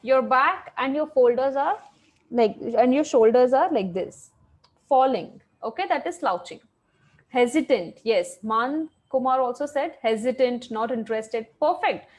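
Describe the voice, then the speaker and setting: Brief: a high-pitched woman, an animated teacher who quizzes the kids and praises them, heard over a video call. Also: a little slow. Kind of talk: online class for children.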